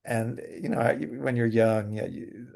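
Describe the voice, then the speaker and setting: A man being interviewed as a guest, a playwright and actor telling lively theatrical anecdotes in a casual chat. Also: mid-range voice, a little slow, gravelly.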